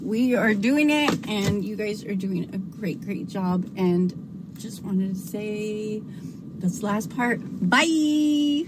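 A woman's voice: medium pitch, animated, takes it slowly, noisy background. A woman caller from Arizona leaving a rambling, chatty voicemail for a radio show. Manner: chatty, rambling, warm and emotional. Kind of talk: casual voicemail message.

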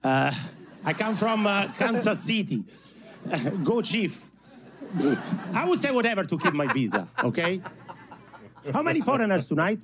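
A man from Italy performs stand-up with a thick Italian accent. His voice sits high and swings all over, animated and self-mocking as he plays to the room. A faint crowd and light noise sit behind him. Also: unhurried, long pauses. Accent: strong Italian. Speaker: stand-up comedian. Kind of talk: stand-up comedy set.

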